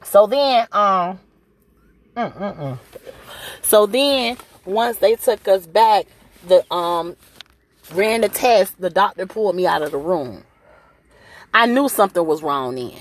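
A woman, a mother who works at a hospital, tells a personal story in a conversational, emotional way with many fillers. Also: medium pitch.

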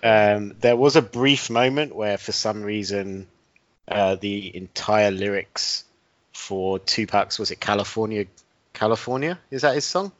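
A man hosting a casual comedy chat, telling made-up stories in a deadpan way. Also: fairly low pitch, a little slow, no room sound, highs cut off. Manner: deadpan absurd storytelling. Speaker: podcast host.

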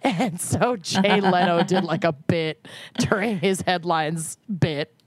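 A woman's voice: lowish voice, slow pace, a loud crowd. A woman, co-hosting a casual podcast chat, joking and laughing often. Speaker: podcast co-host.

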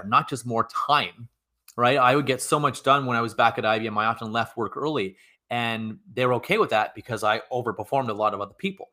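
A man's voice: mid-range voice, sharp tone. A man speaking off the cuff as a motivational speaker, emphatic and repetitive, stacking short commands with frequent stammered restarts. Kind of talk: unscripted motivational monologue.

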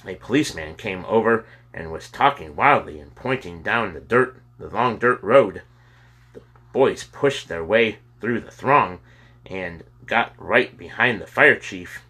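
A man reading a children's novel aloud with steady storytelling. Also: fairly low pitch, measured pace, slightly rough. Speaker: audiobook narrator.

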